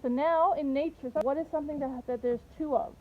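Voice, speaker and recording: A woman's voice: high-pitched, steady tone, fairly quick. A woman teaching a young child outdoors, patiently asking questions and telling a story. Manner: patient questioning, coaxing answers. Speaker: home teacher. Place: outdoors in a garden. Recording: tinny phone-like sound, faint noise.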